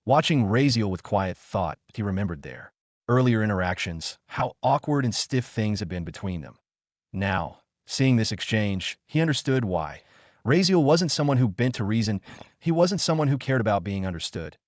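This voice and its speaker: A male audiobook narrator tells a fantasy story in a steady, even way. His voice sits fairly low and moves at a moderate pace, recorded dry with studio quality.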